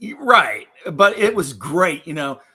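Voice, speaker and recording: Bright, fairly high male co-host, blunt and opinionated. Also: very animated, measured pace, slightly rough. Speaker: podcast co-host. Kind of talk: casual chat.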